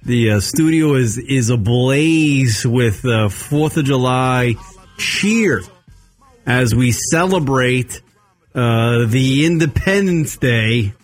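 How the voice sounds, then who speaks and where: A man's voice: medium pitch, animated, slow, soft background music. A man from Long Island hosting a radio show from a studio, chatting casually and rambling with lots of fillers and swearing. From Long Island, New York. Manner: rambling, profane, many fillers.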